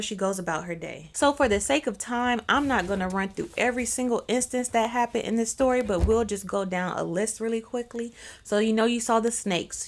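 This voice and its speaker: A young woman recounting a story to her viewers in a loose, chatty voice. She breaks off into slangy asides as she goes, and her pitch sits in a steady middle range. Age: young adult. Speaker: storyteller host. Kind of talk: casual storytelling.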